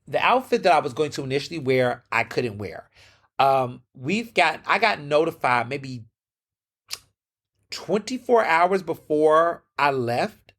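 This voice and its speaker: A man's voice: fairly high pitch, fairly bright tone. An American man hosting a podcast, telling a story in a chatty way, full of fillers, restarts and sassy asides. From United States. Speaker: podcast host. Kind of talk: casual solo storytelling.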